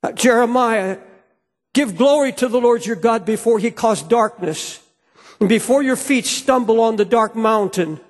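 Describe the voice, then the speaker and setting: In a church sanctuary with long hall reverb, a male pastor preaches a sermon earnestly and fervently, often restarting his phrases. His voice is extremely high-pitched and his pace a little slow.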